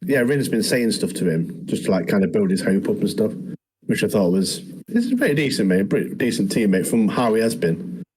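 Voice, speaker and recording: A man's voice: lowish voice, sing-song, fairly quick, a little mellow, husky. A man, co-hosting a podcast and recapping anime scenes in rambling, slangy casual chat. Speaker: podcast co-host.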